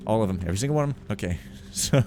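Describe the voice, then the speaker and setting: A man's voice: fairly low pitch, expressive, racing, noisy background. Rambling, jokey man talking over gameplay. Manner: rambling, jokey, reads in-game letters aloud with a raised voice. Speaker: gameplay commentator. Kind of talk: casual let's-play commentary.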